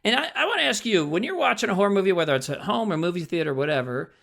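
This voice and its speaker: Gravelly, animated podcast co-host. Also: mid-range voice, very fast. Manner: rambling, profane, jokey, full of fillers. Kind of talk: casual chat about movies.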